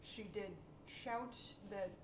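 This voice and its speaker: A woman's voice: mid-range voice, fairly even intonation, slow, far from the mic, a crowd in the background. A woman playing a tabletop game in a playful, eager way. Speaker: player. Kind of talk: casual tabletop play. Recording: echoey room, a bit off-mic, background noise.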